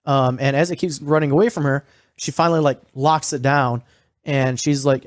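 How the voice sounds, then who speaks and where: A man's voice: fairly high pitch, fairly even intonation, normal speed, no room sound, clean studio sound. A man co-hosting a podcast, recapping a horror series in casual, profane, rambling talk full of fillers. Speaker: podcast co-host.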